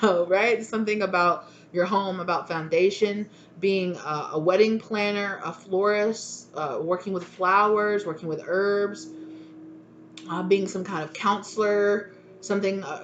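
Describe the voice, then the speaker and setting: A woman's voice: mid-range voice, lo-fi sound, slight background noise. A woman giving a casual spoken tarot reading, rambling and chatty, with many fillers and restarts. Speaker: tarot reader.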